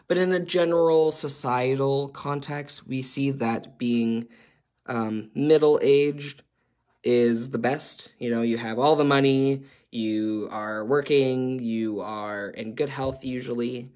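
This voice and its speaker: A man's voice: mid-range voice, darkish tone. A man facilitating a workshop, explaining a chart in a conversational way with frequent ums and uhs.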